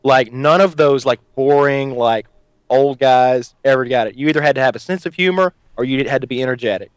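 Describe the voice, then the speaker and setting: A man's voice: medium pitch, brisk, clear, resonant tone, no room sound. A man hosting a podcast, chatting casually and telling stories with lots of laughter. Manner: animated, laughs often, storytelling. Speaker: podcast host.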